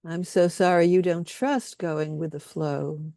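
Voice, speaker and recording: Woman workshop leader, calm guided-healing delivery, dry close sound, lowish pitch. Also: no echo. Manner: slow, soothing, leads repeated statements.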